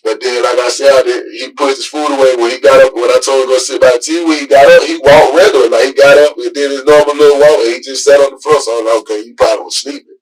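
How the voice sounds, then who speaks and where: A father answering police questions in a halting, rambling way, full of filler words. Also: mid-range voice, fairly even intonation, distant mic, low-quality recording. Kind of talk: police interview.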